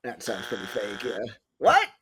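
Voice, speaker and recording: A man's voice: medium pitch, huge pitch swings, normal speed, a crowd in the background. A man guesting on a podcast, laughing a lot and blurting out answers with casual swearing.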